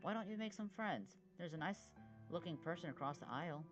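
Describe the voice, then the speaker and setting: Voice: mid-range voice, lively intonation, brisk, soft background music, lightly acted. A voice actor doing a plucky cartoon big sister. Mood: coaxing. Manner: bossy, encouraging, bold. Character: cheerful can-do big sister, a child. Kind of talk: animated web series voice acting.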